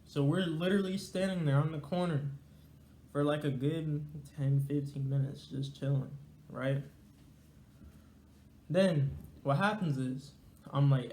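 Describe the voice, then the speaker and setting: A man's voice: fairly high pitch, measured pace, pauses often, darkish tone, roomy sound, a little hiss or hum. A young man telling a casual, slangy, rambling story to his viewers. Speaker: storyteller vlogger.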